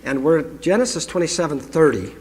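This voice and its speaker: A man's voice: a little high, lively intonation, brisk, darkish tone. A man giving a conversational sermon to a congregation, reading scripture aloud and adding his own asides. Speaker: pastor. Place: congregation hall. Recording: long hall reverb.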